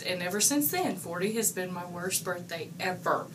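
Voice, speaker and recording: A woman in her forties telling a lively workplace anecdote, acting out the quoted lines. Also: on the low side, normal speed. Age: 40s. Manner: animated storytelling, acts out quoted lines. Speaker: coworker giving a tribute. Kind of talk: casual anecdote. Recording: distant mic with noticeable room noise.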